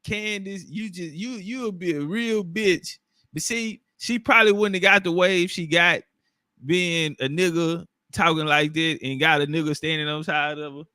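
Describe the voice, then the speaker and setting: A man's voice: on the high side, moderate pace, sharp tone, no echo, clean studio sound. A man in casual, profane commentary, talking loosely with street slang and frequent laughs into his own microphone.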